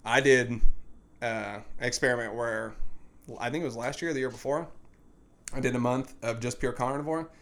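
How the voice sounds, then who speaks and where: A man's voice: medium pitch, steady tone, normal speed, a bit bright. A young man co-hosting a podcast as a fitness coach, talking casually and rambling with many fillers.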